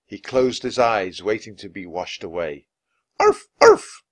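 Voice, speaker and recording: A man reading a children's book aloud, with expressive, lively narration. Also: sits low, moderate pace, no room sound. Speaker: storyteller.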